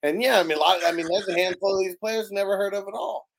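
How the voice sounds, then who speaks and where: A man's voice: high voice, quick pace. A man hosting a casual fantasy draft show, easygoing, laughing often and reading out chat comments. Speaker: podcast host running a fantasy draft.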